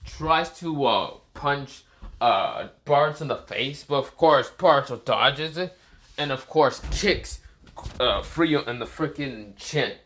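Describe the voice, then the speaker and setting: A man's voice: medium pitch, animated, slow pace, fairly bright tone. A man casually telling an improvised fan story, rambling and correcting himself with many fillers.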